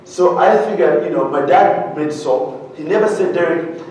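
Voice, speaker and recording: A man from Uganda tells stories from a keynote stage with a humorous, animated delivery, often throwing questions back to the crowd. His voice sits a little high, and he stands well back from the microphone. It rings out through a very echoey hall over a faint hum. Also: normal speed. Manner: animated, humorous, quizzes the audience. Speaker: keynote speaker. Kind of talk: storytelling keynote speech. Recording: very echoey hall, voice far from mic.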